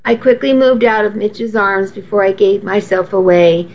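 A woman reading a first-person novel aloud in a steady, intimate way. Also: medium pitch, moderate pace, few pauses. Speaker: audiobook narrator. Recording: slightly muffled lo-fi audio.

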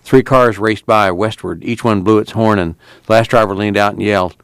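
A man reading a novel aloud in steady, measured narration. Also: on the low side, clean tone, dry recording. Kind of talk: audiobook narration.

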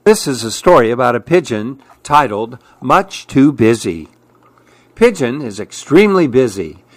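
Slow, calm male storyteller. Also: mid-range voice, dry recording. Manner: calm and measured. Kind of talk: children's story read-aloud.

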